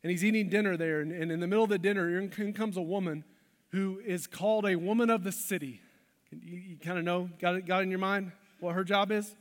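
A man's voice: high voice, steady tone, a little fast. A male pastor preaching a sermon in a church, passionate with emphatic outbursts. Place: church sanctuary. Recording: long reverb of a large hall.

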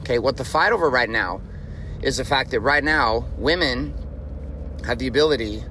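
A man's voice: mid-range voice, moderate pace, sharp tone, slight background noise. A man in his forties hosting a motivational podcast, talking bluntly and emphatically, with frequent profanity. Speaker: podcast host.

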